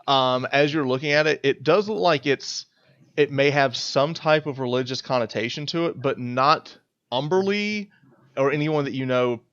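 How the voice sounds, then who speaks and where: A man's voice: mid-range voice, normal speed, fairly bright tone, smooth, dry recording, dull audio. A man narrating a tabletop game as game master, in a casual, rambling way. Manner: casual, rambling with fillers and restarts.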